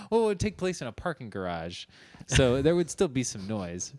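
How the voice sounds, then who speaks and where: A man's voice: medium pitch, wildly swooping pitch, normal speed, no room sound. A man chatting casually as a podcast co-host, with wry, skeptical questions and banter. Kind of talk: casual conversation.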